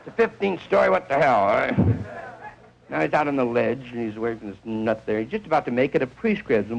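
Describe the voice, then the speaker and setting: Man, stand-up comedian, gravelly voice, lively swooping pitch, old radio-style recording. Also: a little hiss or hum, poor audio. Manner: rambling, acts out characters in quick bits. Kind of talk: stand-up routine.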